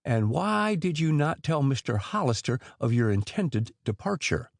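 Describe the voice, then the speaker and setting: A stern police inspector from an old mystery audiobook, pressing his questions dryly and without letting up, as the male narrator reads him. The voice moves lively through its pitch and sits close and dry. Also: normal speed, vocal fry, no room sound. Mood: grim.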